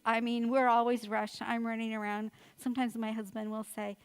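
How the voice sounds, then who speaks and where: A woman's voice: on the high side, level tone, moderate pace, smooth. An older woman therapist giving an informal, chatty talk to mothers, encouraging and acting out everyday quotes.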